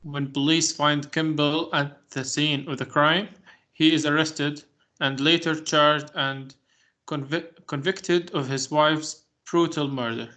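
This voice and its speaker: Male student, bright, somewhat high voice, reads aloud haltingly. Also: fairly even intonation. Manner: halting, careful reading. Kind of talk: reading aloud in class. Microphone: video call.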